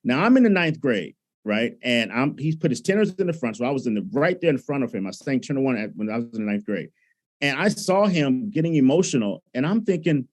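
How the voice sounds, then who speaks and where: A man from Alabama, a choral conductor telling stories in a lively, conversational way. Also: mid-range voice, brisk. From Alabama, USA. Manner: animated storyteller, acts out his own past thoughts. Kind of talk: conversational storytelling.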